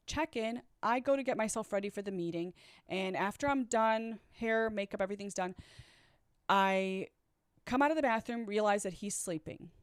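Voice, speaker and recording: Woman vlogger, candid storyteller, blunt and conversational, smooth voice, dry close sound. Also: on the high side, no room sound. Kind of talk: personal storytelling.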